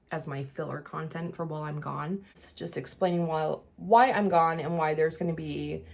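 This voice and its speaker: In a deep voice with vocal fry, a woman vlogger talks casually while getting ready. Her chat rambles with plenty of fillers and restarts, and she has slight trouble enunciating.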